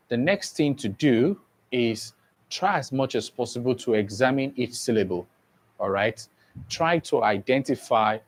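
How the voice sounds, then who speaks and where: Guy teaching stress, keeps repeating stuff, asks "all right?" a lot, average pitch. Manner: repetitive, checks understanding often. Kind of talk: exam prep lesson.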